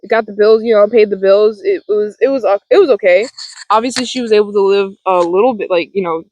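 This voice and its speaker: A woman's voice: mid-range voice, fast talker, a little mellow, dry recording, low-quality recording. A woman in her twenties talking casually about a film, rambling with lots of fillers and restarts and frequent laughs, into a close mic. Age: 20s. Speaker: vlogger. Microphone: close desk mic.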